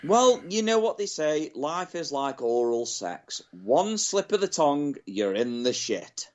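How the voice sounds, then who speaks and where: Joking man, wildly swinging pitch. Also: sing-song, unhurried. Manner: crude, joking, storytelling. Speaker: podcast co-host. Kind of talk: casual banter. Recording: dull lo-fi sound.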